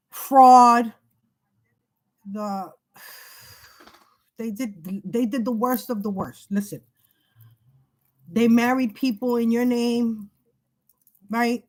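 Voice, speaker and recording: Over a low-quality recording, a woman with a mid-range voice delivers a charged tarot monologue. She sounds agitated, circles back to the same points, and curses.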